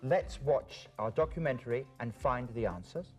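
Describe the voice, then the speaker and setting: A man narrating a language-lesson programme in a clear, teacherly way. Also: mid-range voice, normal speed, over music. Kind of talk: scripted narration.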